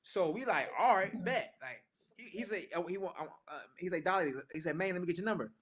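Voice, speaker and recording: A man's voice: high-pitched, a little fast, breathy edge. Slangy man telling a story. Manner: lively and slangy, acting out quoted lines. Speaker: gospel singer sharing his story. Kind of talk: casual storytelling testimony to a church audience. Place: church.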